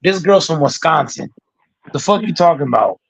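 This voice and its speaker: A man's voice: a little high, expressive, moderate pace, creaky, husky, low-quality recording. A man hosting a heated sports debate panel, laid-back and stammering as he talks.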